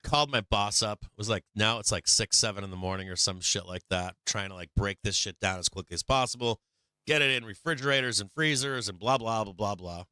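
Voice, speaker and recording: A man's voice: fairly low pitch, brisk, bright, forceful tone, clear, resonant tone, no echo, clean studio sound. A man hosting a live stock market stream, telling a rambling, profane story with lots of fillers between market remarks.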